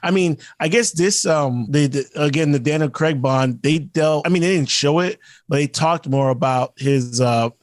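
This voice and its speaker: A man's voice: on the high side, normal speed, few pauses, no room sound, clean studio sound. Rambling, cursing podcast guy. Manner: rambling, profane, frequent restarts. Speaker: podcast co-host. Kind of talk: casual chat.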